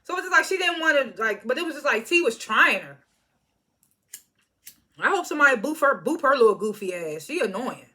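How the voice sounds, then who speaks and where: A woman's voice: high voice, big pitch swings, a little fast, pushed and bright. Chatty woman recapping reality TV. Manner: chatty, laughs often, mimics cast members. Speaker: reality show reviewer. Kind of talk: casual recap commentary.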